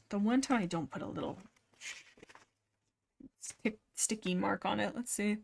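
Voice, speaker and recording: A woman chats on a casual livestream, gushing about a book series she loves. Her talk rambles, full of fillers and quick restarts. Now and then she slows down to read a passage aloud before jumping back into her own comments. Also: mid-range voice, creaky, a bit bright.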